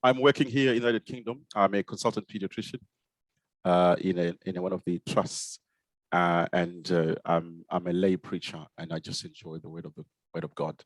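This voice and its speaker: A middle-aged man from Zimbabwe with a Zimbabwean accent softened by years in the UK, telling his story in a relaxed, self-deprecating way with plenty of fillers and restarts. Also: sits low, normal speed, no echo. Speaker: guest, consultant pediatrician. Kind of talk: casual conversational storytelling.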